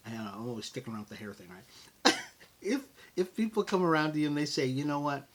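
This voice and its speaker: Brief: middle-aged American man, podcast host, husky and breathy tone, lively motivational talk aimed straight at the listener. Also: on the high side, fast. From United States. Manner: animated and conversational, addresses listeners as folks.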